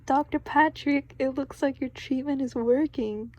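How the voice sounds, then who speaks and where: A woman's voice: a little high, level tone, moderate pace, mellow, lightly acted. A woman reading the lines of a cheerful young male sea sponge from a storybook, in her own plain voice. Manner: read plainly without a character voice. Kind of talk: storybook read-aloud.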